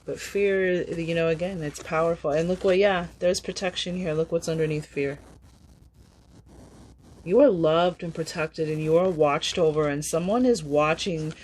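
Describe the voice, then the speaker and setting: A woman giving a casual, upbeat tarot reading, chatty and quick to laugh. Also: low voice, fairly even intonation, a little mellow, slight background noise, low-quality recording. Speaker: tarot reader.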